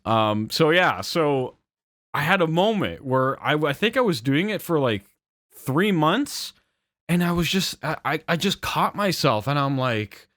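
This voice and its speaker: A young man telling a story in a casual rant, rambling and animated, with swearing and frequent fillers and self-corrections. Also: fairly high pitch, a little slow, dry recording, clean studio sound. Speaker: channel host.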